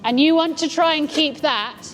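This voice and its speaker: A woman giving calm, encouraging instructions as a riding coach. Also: high voice, normal speed, soft background music. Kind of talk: coaching a rider. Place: outdoor riding arena.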